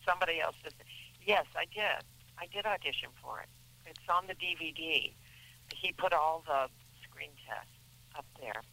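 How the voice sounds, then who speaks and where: A woman's voice: low-pitched, normal speed, creaky, pushed and bright, a little hiss or hum, rough recording. A middle-aged woman, an actress guest in a radio interview, talking in a chatty, rambling way with many restarts.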